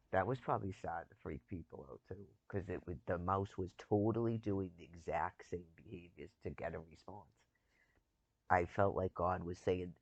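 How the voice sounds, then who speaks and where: A man's voice: deep voice, lively intonation, moderate pace, vocal fry, slightly rough, no room sound, dull audio. A man in casual chat, rambling and chuckling as he talks, with loose, profane phrasing.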